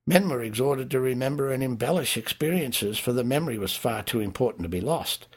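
A man reads his own memoir aloud, measured and dryly wry in tone. His voice sits at an everyday middle pitch, unhurried and steady. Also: breathy edge. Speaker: audiobook narrator. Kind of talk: first-person memoir narration.

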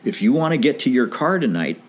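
A man's voice: mid-range voice, brisk. Casting: middle-aged man, mid-range voice, casual storyteller who voices the people in his story. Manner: animated anecdote with quoted dialogue, laughs often. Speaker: guest telling a story.

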